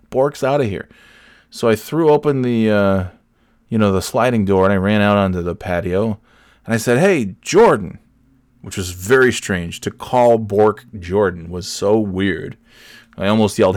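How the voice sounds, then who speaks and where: Low-voiced man telling a rambling story. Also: normal speed, no room sound, clean studio sound. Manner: rambling, self-correcting, animated when quoting people. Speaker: podcast host. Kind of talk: casual storytelling monologue.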